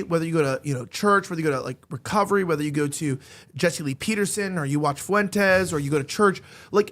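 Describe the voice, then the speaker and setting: High-voiced, rambling man on a podcast. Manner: rambling, animated, full of filler words and quick laughs. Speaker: podcast panelist. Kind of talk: casual podcast banter.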